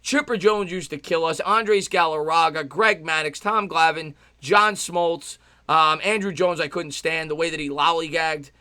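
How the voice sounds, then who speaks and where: Host type: fired-up New guy, high, piercing voice, dry close mic, live play-by-play. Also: no room sound. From New York. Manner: loud, passionate, fast-talking. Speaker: livestream sports host. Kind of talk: live play-by-play and chat reaction.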